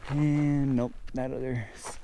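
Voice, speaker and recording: A man filming himself on a high mountain trail, chatting casually to an action camera and pointing out landmarks as he walks. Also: level tone, slow, creaky, dark tone, a little hiss or hum. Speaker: hiker filming his trip.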